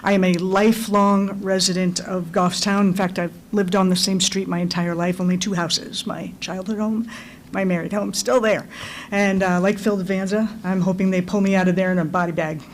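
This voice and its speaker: A woman's voice: mid-range voice, flat delivery, moderate pace, poor audio. Older woman candidate, plainspoken and wry, faint background noise. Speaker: school board candidate. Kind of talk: campaign speech.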